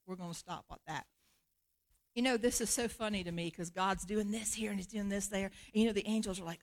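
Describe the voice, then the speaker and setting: A woman preacher giving a sermon in an animated, conversational way, laughing often. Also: mid-range voice, brisk.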